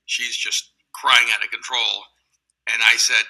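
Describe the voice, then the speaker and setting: A man's voice: medium pitch, level tone, measured pace, sharp tone, breathy edge, poor audio. A man on an interview, telling stories about meeting his wife in a casual, wry, teasing way and laughing as he goes. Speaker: interview guest. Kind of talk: casual storytelling. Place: interview clip played on a video.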